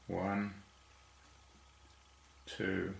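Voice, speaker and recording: A man's voice: low-pitched, monotone, very slow, gravelly. A man teaching how to write Chinese characters, counting each stroke aloud in a patient, step-by-step way. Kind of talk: slow stroke-by-stroke instruction. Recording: echoey room.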